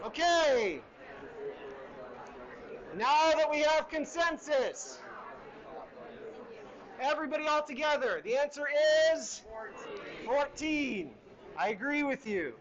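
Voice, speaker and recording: A man's voice: very high-pitched, sing-song, slow, long pauses, a bit bright, highs cut off, some chatter behind. A middle-aged man teaching a university chemistry lecture in a hall, conversational and asking the class questions as he goes.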